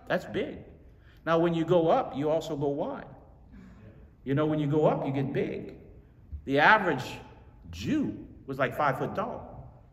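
A man's voice: on the high side, distant mic. Man preaching in a big echoey hall. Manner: animated storytelling, repeating lines for emphasis. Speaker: pastor. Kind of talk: sermon.

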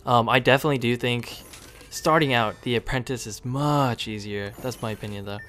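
A man's voice: medium pitch, fairly quick, soft background music. Chatty man narrating his gameplay. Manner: chatty, talks to the game units, sudden excited outbursts. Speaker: gaming video creator. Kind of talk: casual gameplay commentary.

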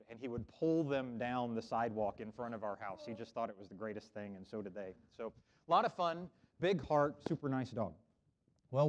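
A middle-aged man from Oklahoma, speaking at medium pitch with a slightly mellow quality, ministers to children in a friendly sermon and has them repeat words after him. The sanctuary recording is dull and lo-fi.

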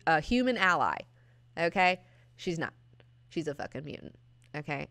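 Animated swearing woman reviewing comics. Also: mid-range voice, no room sound. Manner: animated, acts out characters in quick bits. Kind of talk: casual enthusiastic review, heavy swearing.

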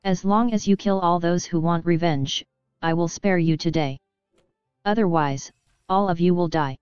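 A woman's voice: fairly low pitch, moderate pace, darkish tone, smooth, no echo, natural voice. A woman voicing a gloating, cruel male villain leader who mocks his enemies, in a dull recording with faint music. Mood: taunting. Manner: mocking, gloating.

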